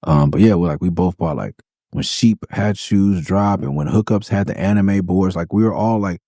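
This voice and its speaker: Deep-voiced man telling loose street stories. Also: moderate pace, warm tone, no echo, clean studio sound. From Los Angeles. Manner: loose, profane storytelling with acted-out quotes. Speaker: podcast host. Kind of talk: casual storytelling monologue.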